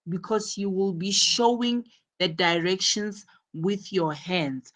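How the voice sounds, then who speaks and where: A woman's voice: mid-range voice, slow pace. A woman teaching an English lesson, explaining each point carefully and repeating words for emphasis. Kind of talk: classroom explanation.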